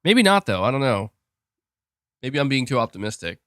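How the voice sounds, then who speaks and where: Excitable young man rambling on a podcast. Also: mid-range voice, normal speed, dry recording, studio quality. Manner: rambling, excitable, frequent restarts and laughs. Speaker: podcast host reading super chats. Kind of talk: casual live-stream chat.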